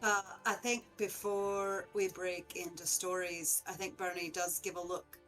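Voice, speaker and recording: A woman's voice: lowish voice, little pitch movement, a bit bright, faint music behind, rough recording. Woman player talking in character. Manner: halting, giggly in character. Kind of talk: in-character tabletop play.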